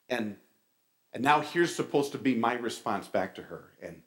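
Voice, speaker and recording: A male pastor preaching a sermon, telling stories with animated delivery and casual asides to the congregation. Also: mid-range voice, measured pace.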